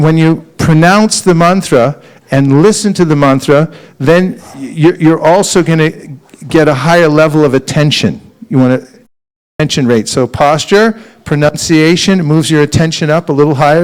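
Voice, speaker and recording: A man giving a lively, humorous devotional talk at a temple and leading group chanting. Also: fairly high pitch, low-quality recording. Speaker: spiritual teacher.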